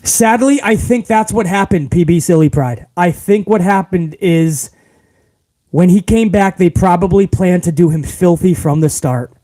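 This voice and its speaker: A man's voice: high voice, a little slow, mellow. A man hosting a casual live stream, reading out viewer comments and ranting with a lot of profanity, calling everyone bro.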